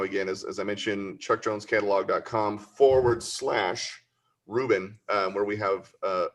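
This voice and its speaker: A man hosting a casual interview, chatty and easygoing, plugging items for sale. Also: lowish voice. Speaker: host.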